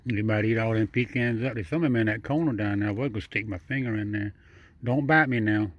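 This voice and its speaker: A man's voice: lowish voice, fairly even intonation, racing, highs cut off. A man giving casual running commentary while feeding a raccoon, talking straight to the animal in a chatty, repetitive way. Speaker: vlogger feeding a wild raccoon.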